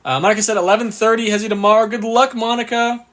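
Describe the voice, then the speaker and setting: High-voiced upbeat male tutor. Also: steady tone, fairly bright tone. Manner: upbeat, reads questions slowly, thanks viewers often. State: hiccuping. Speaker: exam prep tutor. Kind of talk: live-stream Q&A lesson.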